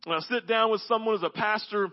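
A male pastor with a notably high voice delivers a sermon full of lively stories. He swings from excited bursts down to a quiet, intense near-whisper. The audio sounds dull and lo-fi. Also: fast talker. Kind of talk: sermon with storytelling.

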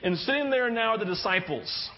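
A male pastor preaching, telling stories in an animated way and often restarting his sentences. His voice sits high for a man, and the recording is dull and lo-fi. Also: a little fast, big-room sound. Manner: animated storytelling with frequent restarts. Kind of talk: sermon. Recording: muffled lo-fi recording.

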